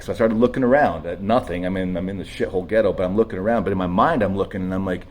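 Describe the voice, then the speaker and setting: A man sharing a raw personal testimony in a halting, emotional way, full of restarts and blunt swearing, shaky as he tells it. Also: low voice, slight background noise. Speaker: speaker sharing his story.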